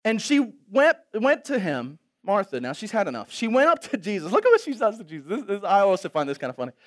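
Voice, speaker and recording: A male pastor preaches with humor, moving between loud exhortation and soft reflection. His voice sits high and swings expressively, full of energy. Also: sing-song, quick pace, hardly any pauses. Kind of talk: sermon.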